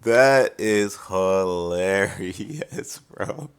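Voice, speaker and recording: A man's voice: low voice, very slow, creaky, smooth. A man hosting a reaction video, casually calling the clips crazy and funny and saying "bro" a lot. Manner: amazed, repeats "bro" and "that's crazy".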